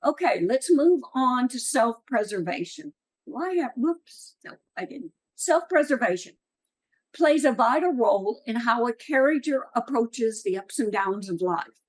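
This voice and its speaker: A woman's voice: fairly high pitch, lively intonation, measured pace, poor audio. A middle-aged woman giving an earnest, encouraging talk at a writing workshop. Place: meeting room.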